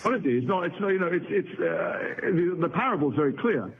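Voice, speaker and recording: A man's voice: sits high, expressive, a little fast, husky. A middle-aged man from England, an actor guest in a casual interview, talking in a thoughtful, articulate, wry way with restarts. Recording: tinny phone-like line.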